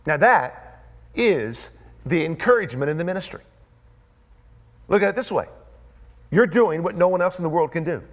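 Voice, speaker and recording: A male preacher delivers a sermon in a high voice. He works through points with emphatic repetition and leaves dramatic pauses, and his pitch swings widely and lively throughout. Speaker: pastor.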